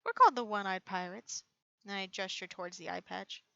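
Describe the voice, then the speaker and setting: A woman's voice: medium pitch, fairly quick, creaky, bright, forceful tone, dry recording, highs cut off. A woman playing a pirate captain character in a casual tabletop role-play. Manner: casual, laughs often. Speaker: player.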